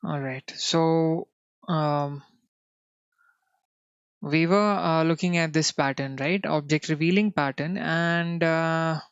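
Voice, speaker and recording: A man with an Indian English accent leads a live coding class in an unhurried, smooth voice, peppering his talk with "you know" and checking whether viewers can follow. The sound is dry and close, on a dull, lo-fi stream. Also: on the high side, steady tone, dry recording. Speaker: coding instructor.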